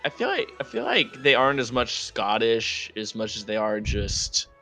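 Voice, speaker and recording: In casual chat before a tabletop game, a man laughs often and talks enthusiastically as a player during setup. His mid-range voice is sing-song, bright and forceful at a moderate pace, and faint music plays in the background.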